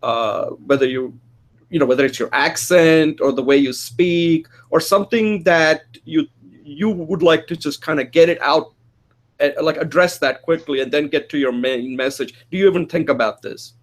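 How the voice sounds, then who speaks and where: A man hosting a casual chat, speaking quickly with an Indian accent and sometimes slurring words. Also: a little high. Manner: fast, gesturing, slightly slurred at speed. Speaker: host.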